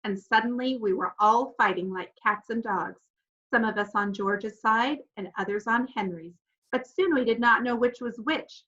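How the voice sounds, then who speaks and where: A woman narrating a children's novel in first person, animated and expressive, acting out the children's voices. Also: a little high, moderate pace, highs cut off. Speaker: audiobook narrator.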